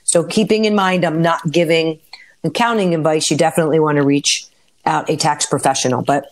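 A woman's voice: low-pitched, fairly even intonation, fairly quick. Informative female talk radio co-host. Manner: informative, reads out rates and phone numbers. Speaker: mortgage lender and radio co-host.

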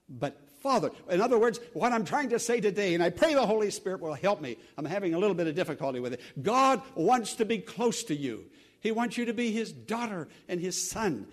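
A male pastor preaching with an earnest, lively voice that climbs and falls a lot, sitting a touch above the usual male pitch. He swells loud, then sinks to a near hush, with halting restarts along the way. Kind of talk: sermon.

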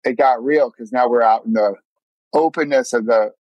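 A man's voice: medium pitch, normal speed, darkish tone, no room sound, rough recording. A man telling a personal story as a podcast guest, earnest, acting out his own thoughts and often restarting words. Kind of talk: casual storytelling.

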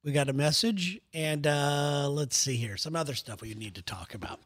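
A man's voice: fairly high pitch, normal speed, a bit bright. A man co-hosting a comedy podcast in a casual, rambling chat, laughing often. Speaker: podcast co-host.

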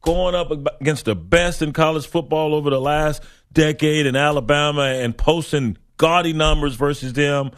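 A man's voice: a little high, fairly even intonation, moderate pace. A man co-hosting a sports talk show, teasing and playful in casual banter.

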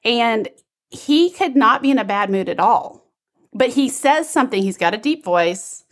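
A woman's voice: on the high side, normal speed. Candid, self-mocking woman chatting. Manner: candid, self-deprecating, animated storyteller. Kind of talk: casual chat.

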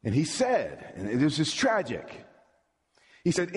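A man's voice: a little high, wildly swooping pitch, takes it slowly, long pauses, slightly rough. A middle-aged man preaching a sermon as pastor, emphatic, with call-and-response questions to the congregation and stammered repeats. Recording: long reverb of a large hall.

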